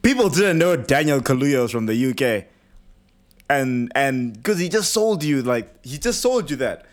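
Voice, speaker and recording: A playful, teasing man chatting on a podcast, his voice swinging widely up and down. He sits at an ordinary middle pitch and keeps the banter light. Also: very animated, normal speed. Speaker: podcast co-host. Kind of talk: casual chat.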